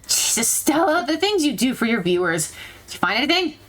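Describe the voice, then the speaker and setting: A woman's voice: sits high, big pitch swings, fairly quick, fairly bright tone. A woman playing through a visual novel with a friend, reading its text aloud and reacting with jokey, dramatic outbursts. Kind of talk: casual playthrough, voicing lines.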